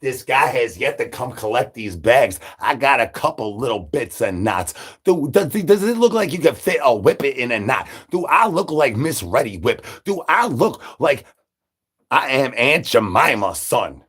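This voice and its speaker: Husky man doing goofy livestream banter. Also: sing-song, normal speed, a bit bright. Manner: rambling, silly catchphrases, sudden pitch jumps. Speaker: livestreamer in zombie character. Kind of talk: absurd live-stream banter.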